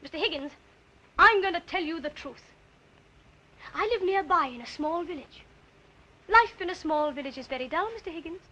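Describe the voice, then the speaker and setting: A woman's voice: extremely high pitch, expressive, moderate pace, long pauses, sharp tone, muffled recording, exaggerated voice. A spirited, coaxing young woman.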